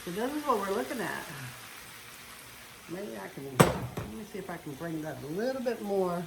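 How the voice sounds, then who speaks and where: A home cook chats casually while cooking in her kitchen, talking her way through each step of a relaxed cooking demonstration. Her voice is medium in pitch, gravelly, and very animated, at a moderate pace. The echoey room carries a frying sizzle, and background noise is heavy.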